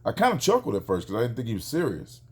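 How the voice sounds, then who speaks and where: A man, a father, telling a neighbor story in a casual vlog, animated and acting out the quoted exchanges. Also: mid-range voice, quick pace, breathy edge.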